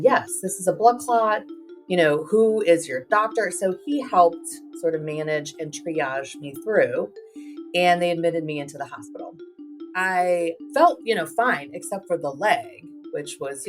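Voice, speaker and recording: A middle-aged woman with a low-pitched voice recounts her story as a podcast guest. She slips into quoted dialogue and casual fillers as she goes. She sits a little away from the mic, and soft guitar music plays underneath. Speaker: guest, public health advocate. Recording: distant mic with faint music.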